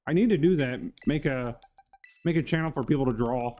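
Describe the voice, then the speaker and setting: A man's voice: medium pitch, a little fast, darkish tone, faint music behind. A man streaming live and hosting his channel, chatting casually in a rambling, goofy way and greeting viewers by name.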